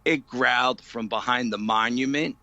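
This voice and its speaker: A man being interviewed as a paranormal investigator, retelling an eerie night in an animated, dramatic way full of "you know". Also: medium pitch, normal speed, dry recording, highs cut off. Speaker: paranormal investigator, podcast guest. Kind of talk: storytelling in a casual interview.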